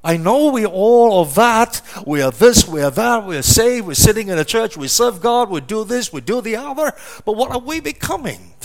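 A man's voice: high-pitched, sing-song, normal speed, few pauses. A middle-aged man preaching a sermon, emphatic and questioning, often repeating words as he presses his point. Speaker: pastor.

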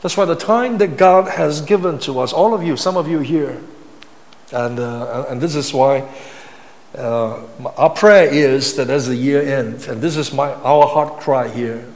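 A man preaching a sermon as a pastor, emphatic and repetitive, often building to high, intense passages. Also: measured pace. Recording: long hall reverb.

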